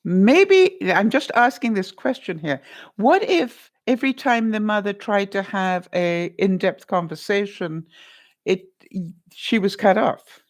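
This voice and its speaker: A woman vlogger hosting a live-stream advice chat talks in a mid-range voice at a measured pace. She addresses viewers by name and as honey, and her advice rambles with plenty of asides.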